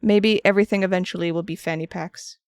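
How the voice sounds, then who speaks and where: A woman's voice: on the low side, steady tone, fast talker, a little mellow, clean tone, dry recording, studio quality. A woman streaming as she sculpts and paints, chatting casually and answering her viewers. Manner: chatty and rambling, answering chat with frequent restarts. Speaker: craft streamer.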